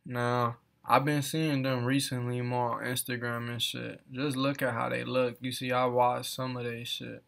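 With a medium-pitched, level, slightly bright voice that's creaky, a man talks at a moderate pace with few pauses. He's the off-camera host of a reaction video, mocking the content through heavy swearing and frequent laughs in a casual commentary style.

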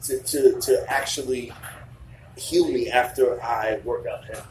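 Teasing podcast host, distant echoey sound. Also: male voice, medium pitch, fairly even intonation, unhurried, darkish tone. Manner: crude, teasing banter. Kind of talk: casual chat. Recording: echoey room, distant mic, faint noise.

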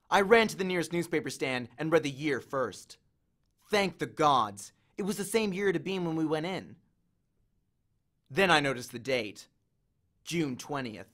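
A man narrating a novel in the first person, reading expressively. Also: fairly high pitch. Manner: expressive storytelling. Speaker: audiobook reader.

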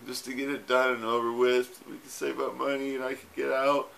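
Man, gravelly voice, tearful, rambling tender video message to camera, faint background noise. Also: medium pitch, little pitch movement, brisk, a bit bright. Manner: rambling, tender, with loose fillers and swearing. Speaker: husband saying goodbye. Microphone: self-recorded camera.

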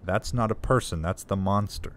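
Man, lowish voice, relaxed gamer commentary, jokey, muses aloud; light room tone. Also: moderate pace, slight background noise. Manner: playful, thinks aloud while playing. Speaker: gaming video creator. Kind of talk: casual let's-play commentary.

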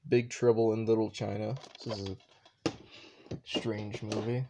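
A man's voice: lowish voice, little pitch movement, unhurried, gravelly, mellow. Rambling young man, noisy home recording. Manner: rambling, unsure, lots of shrugging asides. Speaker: vlogger. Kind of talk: casual offhand commentary. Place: home room with shelves.

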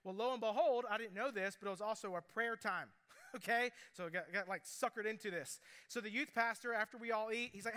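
Bright high-voiced pastor. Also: male voice, smooth. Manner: storytelling with asides and quick quoted voices. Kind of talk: sermon.

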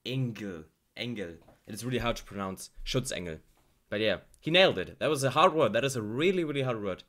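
A man's voice: mid-range voice, lively intonation, quick pace, a bit bright. A German man hosting a reaction video, gushing over clips and explaining how words are pronounced. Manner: gushing, exclamatory, explains pronunciation. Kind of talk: excited reaction commentary.

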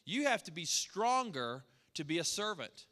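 Guy preaching a sermon, high bright voice, lots of hall reverb, acts out the people he quotes. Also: very animated, normal speed. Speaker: pastor. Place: church sanctuary. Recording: long church hall reverb.

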